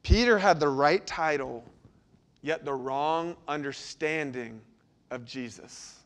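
A man pastor preaching a sermon, swinging between lively emphasis and quiet, intense passages. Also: fairly high pitch, slow. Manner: dynamic delivery, sudden drops to quiet intensity.

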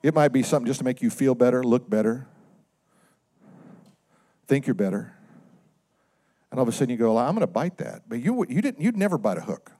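Here a man gives a sermon as if chatting, often questioning the congregation while alternating between loud emphasis and hushed asides. The pastor is expressive and brisk, pausing frequently.

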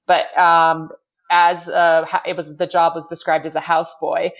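This guest, an American woman in her forties, shares a story in a relaxed conversation, laughing a lot and peppering her words with "like." She speaks at normal speed with a fairly low pitch and flat delivery.

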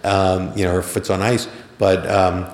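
A man's voice: deep voice, level tone, unhurried. A middle-aged man from Philadelphia telling a personal story in a conversational way, acting out each person's lines with a lifted voice. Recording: roomy hall with long reverb.

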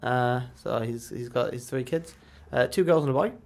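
A man's voice: mid-range voice, moderate pace, creaky. A young man co-hosting a student radio show, chatting casually and making up characters as he goes. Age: young adult. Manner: animated storytelling, making up characters. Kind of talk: casual banter. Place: radio studio.

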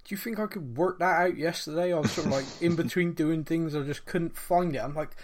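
A man's voice: on the high side, a little fast, a little hiss or hum. A man hosting a football podcast in casual chat, talkative and laughing often. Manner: chatty, laughs often, mimics voices. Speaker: podcast host.

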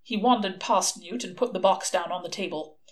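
A woman's voice: lowish voice, normal speed. A woman reading a novel aloud, telling the story expressively. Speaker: audiobook reader.

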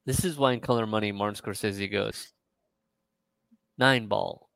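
A man co-hosting a casual podcast, retelling a story in a rambling way, full of fillers and quick quoted asides. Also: on the low side, steady tone, gravelly, fairly bright tone, clean tone, no echo, low-quality recording. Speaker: podcast co-host.

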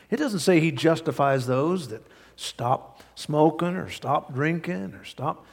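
Pastor, male, gravelly tone, emphatic conversational sermon delivery, recorded in a reverberant sanctuary. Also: on the high side, animated, measured pace. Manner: emphatic, conversational preaching with rising exclamations. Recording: long hall reverb.

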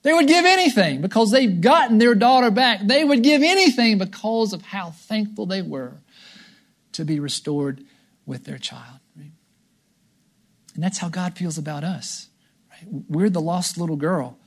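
A man's voice: high-pitched, lively intonation, moderate pace. A man preaching a sermon as pastor, telling a story animatedly and checking in with the congregation with a repeated "right?".

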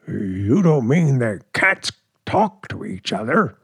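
An actor playing a nervous, stammering husband in a 1940s radio play. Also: male voice, medium pitch, sing-song, takes it slowly, breathy edge, no echo, studio quality, exaggerated voice. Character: timid frightened husband, Mr. Beaker.

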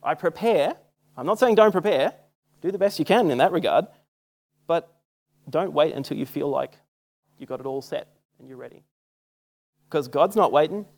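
A man's voice: fairly high pitch, expressive, normal speed, vocal fry, long pauses, a little mellow. A young Australian man preaching a sermon in a casual, self-mocking storytelling way. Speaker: church speaker. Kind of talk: sermon with personal stories.

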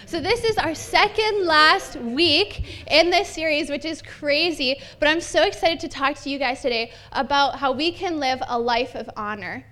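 A woman's voice: high voice, moderate pace, few pauses, bright, forceful tone. A young woman pastor preaching a sermon in an upbeat, chatty way with lots of casual fillers. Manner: bubbly, upbeat, chatty with many "like"s.

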